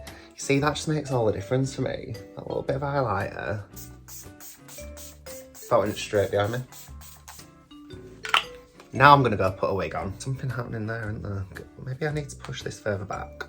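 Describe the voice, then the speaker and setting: A man's voice: medium pitch, brisk, pauses often, a bit bright, faint music behind. A young British man, a drag queen vlogger, telling stories casually, swearing freely and filling with lots of "like". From United Kingdom. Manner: chatty, swears freely, many fillers. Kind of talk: casual storytelling.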